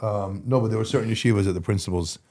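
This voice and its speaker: A man's voice: lowish voice, very fast, dark tone. A man in his forties, a guest recounting his past in a casual, candid way, with slang and frequent restarts. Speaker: guest in recovery. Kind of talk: casual conversational storytelling.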